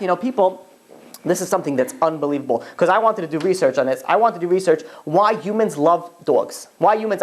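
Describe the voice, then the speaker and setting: A rabbi giving an informal Torah class. He talks in a rambling, animated way, full of asides and acted-out bits of dialogue. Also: high voice.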